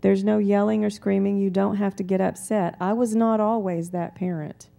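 A woman preaching a sermon in a calm, conversational way, weaving in personal stories. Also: medium pitch, normal speed, vocal fry.

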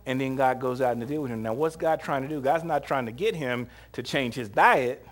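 In this sermon, a man with a mid-range voice talks a little fast, recounting scripture with lighthearted humor and frequent laughter. He's animated, performing brief quotes as he goes.

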